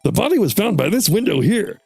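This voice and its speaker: A man's voice: high-pitched, sing-song, fairly quick, vocal fry, breathy edge, no room sound, faint music behind, voice pushed up, full character voice. A man voicing an eager, dim-witted male police detective who keeps saying sir. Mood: earnest.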